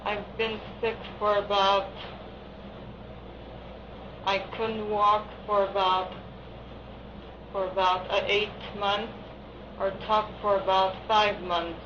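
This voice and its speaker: A woman patient answering questions under hypnosis in halting, hesitant short replies. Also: mid-range voice, flat delivery. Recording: dull archival recording with hiss.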